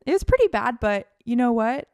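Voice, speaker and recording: A woman's voice: a little high, big pitch swings, brisk, a little mellow, dry recording, clean studio sound. A woman co-hosting a podcast, chatting casually and enthusiastically about basketball as a fan. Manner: enthusiastic, gushing fan talk. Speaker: podcast co-host. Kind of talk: casual sports chat.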